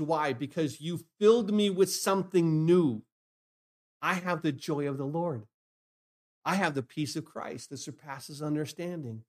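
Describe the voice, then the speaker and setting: A pastor preaching a sermon, asking rhetorical questions and repeating phrases, swinging from hushed lines to loud emphatic bursts. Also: male voice, on the high side, measured pace.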